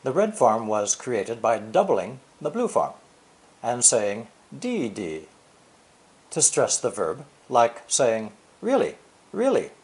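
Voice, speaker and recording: An older male teacher talks through a prepared lesson at a measured, deliberate pace. His pitch sits in a middle register but rises and falls broadly as he leans on key words. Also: lively intonation, darkish tone. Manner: deliberate, stressing key words with sweeping intonation. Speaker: English teacher. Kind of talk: scripted explanatory lesson.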